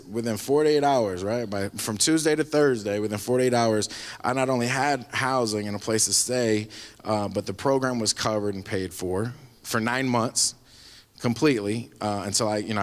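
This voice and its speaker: A man giving a rambling, animated spoken testimony at a church service, telling his story with laughs along the way. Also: mid-range voice. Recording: live church hall with long reverb.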